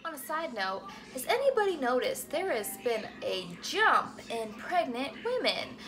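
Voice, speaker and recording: A young woman talking casually while cooking at home, animated and swearing freely as she asks her viewers "okay?" all the time. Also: sits high, measured pace, music in the background, low-quality recording. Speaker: cooking vlogger. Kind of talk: casual chatty cooking vlog.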